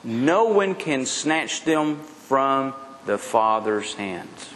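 A middle-aged male pastor preaching a sermon, asking the congregation questions and swinging his voice high and low. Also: sing-song, drawn-out words, a bit bright. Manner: preaching with rhetorical questions and wide swings in pitch. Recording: long hall reverb with faint noise.

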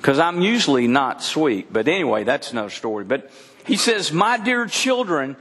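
A man's voice: medium pitch, sing-song, fairly quick, fairly bright tone, breathy edge. A middle-aged man preaching a sermon to a church congregation, earnest and often repeating words for emphasis. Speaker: pastor. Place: church service. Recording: long hall reverb.

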